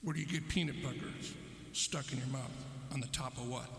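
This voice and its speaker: A man's voice: medium pitch, steady tone, fairly quick, creaky, voice pushed down. A man voicing an eager bar patron in a joke, showing off his dog. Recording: echoey hall, loud live music.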